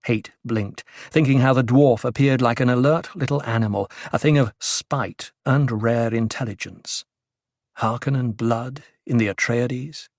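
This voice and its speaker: A man's voice: medium pitch, unhurried, dry recording. Male audiobook narrator, dry close voice. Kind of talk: scripted narration.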